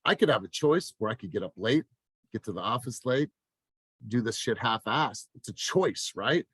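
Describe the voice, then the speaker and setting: A man in his thirties gives a fired-up talk to his sales team, blunt and peppered with swearing, his voice climbing toward a shout. It sounds close and dry, with no room around it, as on a video call. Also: medium pitch, lively intonation, normal speed, slightly rough, dry recording. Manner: passionate, swears, rising to near-shouting. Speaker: sales coach. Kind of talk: motivational team meeting talk.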